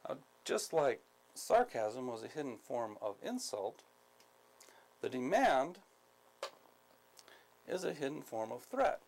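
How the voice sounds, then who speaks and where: A man from the United States giving a skills training lecture, speaking deliberately, repeating key points, with many ums. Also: medium pitch, very animated, creaky, a little mellow, a little hiss or hum, poor audio. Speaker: instructor.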